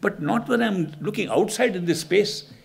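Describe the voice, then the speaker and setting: A man's voice: sits high, animated, moderate pace, vocal fry, husky. A man who is a spiritual teacher, giving a reflective talk, telling stories and asking rhetorical questions. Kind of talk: spiritual discourse.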